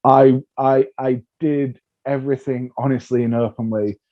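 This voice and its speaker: Animated man telling comic stories. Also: mid-range voice, moderate pace. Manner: animated storyteller, acts out voices, laughs often. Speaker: comedian guest. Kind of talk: casual interview chat. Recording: dull lo-fi sound.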